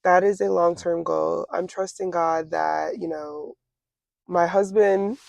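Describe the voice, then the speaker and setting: A young woman in her twenties with a gravelly, creaky edge to her medium-pitched voice. She talks things through slowly, circling back with fillers and restarts. The sound is dry and close, with no room around it. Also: steady tone, darkish tone, no room sound. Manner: reflective, halting, with many fillers and restarts. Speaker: interview guest. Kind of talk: casual conversation.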